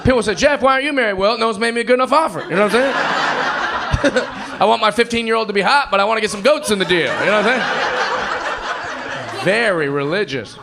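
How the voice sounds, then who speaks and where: A man's voice: expressive, a little fast, gravelly, long pauses, very noisy. A man in his thirties doing a playful, upbeat stand-up comedy set on a club stage with a handheld mic. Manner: upbeat, playful, acts out crowd voices in high squeaks. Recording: live club audio with crowd laughter. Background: audience laughter.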